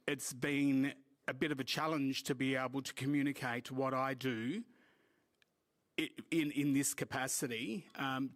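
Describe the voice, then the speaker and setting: Australian man, community speaker, earnest with jokes, lots of ums, mid-pitched voice. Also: a bit bright. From Port Augusta, South Australia. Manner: joking, earnest, with many fillers. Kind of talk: informal public talk at a meeting. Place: community hall.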